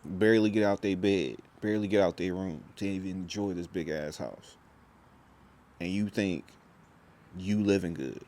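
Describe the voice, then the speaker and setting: A man's voice: sits low, moderate pace, a little mellow. A young man talking to camera in a rambling, intense vlog monologue, full of restarts and slang. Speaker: vlogger.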